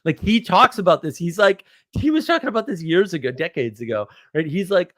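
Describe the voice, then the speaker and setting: A man's voice: high voice, lively intonation, a little fast, hardly any pauses, no echo. A man hosting a casual, rambling chat, blunt and self-deprecating, joking as he talks. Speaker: host.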